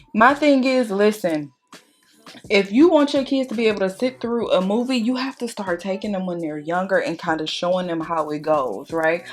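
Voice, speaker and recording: A young woman chatting casually while doing her makeup, telling a story in an animated way and acting out what people said. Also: mid-range voice. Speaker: beauty vlogger.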